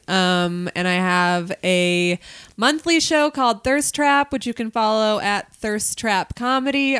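Woman, comedian guest, smooth voice, dry close mic, hesitant chat. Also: medium pitch, fairly bright tone, no room sound. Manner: hesitant, filler-heavy.

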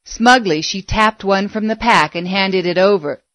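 A woman narrating a story aloud in a measured, expressive way. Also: medium pitch, no echo. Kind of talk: audiobook narration.

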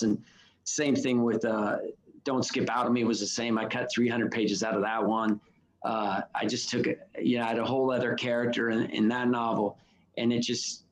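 A middle-aged man speaks as an interview guest in a voice of ordinary, mid-range pitch. He rambles loosely and frankly, swearing now and then and restarting his sentences as he thinks. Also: low-quality recording. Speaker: novelist and songwriter guest. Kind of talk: casual interview talk.

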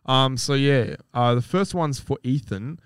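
A man's voice: medium pitch, a little slow, smooth, dry recording, clean studio sound. A young Australian man co-hosting a podcast in a booth, joking around and rambling, often stumbling over his words. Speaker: podcast co-host. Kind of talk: casual podcast chat.

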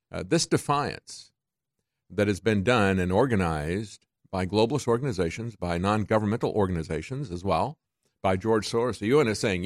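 A man's voice: lowish voice, big pitch swings, fairly quick, no echo, clean studio sound. A man hosting a talk radio show, delivering a combative, sarcastic monologue that keeps climbing to indignant peaks.

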